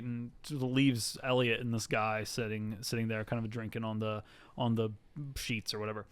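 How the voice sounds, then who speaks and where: A man's voice: lowish voice, little pitch movement, normal speed, clean tone, dry recording. A man co-hosting a podcast, casually recapping a TV episode in a rambling, filler-heavy way and acting out the characters' lines as he goes. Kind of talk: casual chat.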